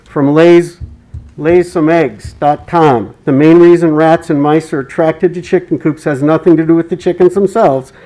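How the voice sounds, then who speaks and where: A man giving public comment at a city meeting, reading quoted passages in a measured, formal way. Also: fairly high pitch, steady tone, dark tone, low-quality recording. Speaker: resident speaking at public comment.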